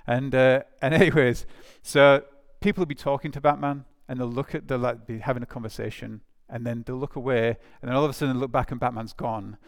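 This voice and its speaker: A man preaches a conversational sermon to a church congregation, telling a story full of fillers and restarts and speaking to the children. His medium-pitched voice is steady and a little fast, with hardly any pauses, in an informal storytelling manner.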